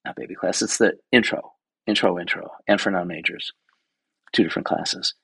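A man in his sixties with a low, gravelly, somewhat husky voice, recorded dry and close. He chats through anecdotes in a loose, animated way, swearing casually and acting out the voices of the people he quotes. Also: brisk, no room sound, poor audio. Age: 60s. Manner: animated, swears freely, acts out quoted dialogue. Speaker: guest photographer. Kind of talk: casual interview storytelling.

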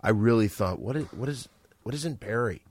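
A man's voice: on the low side, animated, a little fast, slightly rough, no echo. A man hosting a comedy radio show, bantering and scolding his co-hosts.

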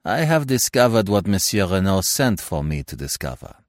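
A man's voice: deep voice, big pitch swings, normal speed, dry recording, clean studio sound. A man voicing a fussy, self-assured older Belgian detective who lectures with precise, impatient logic in an audiobook reading. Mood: lecturing.

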